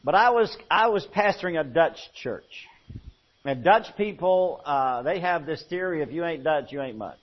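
A male pastor preaches in a folksy storytelling way, his voice sitting a little high for a man. He drops to a hush and then builds up loud. The recording sounds dull and muffled. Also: expressive, moderate pace. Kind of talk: sermon.

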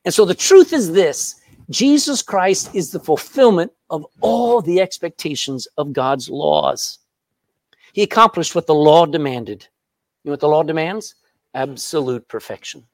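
High, lively male preacher. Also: measured pace, no room sound. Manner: animated, emphatic preaching with questions to the congregation. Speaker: pastor. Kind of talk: sermon.

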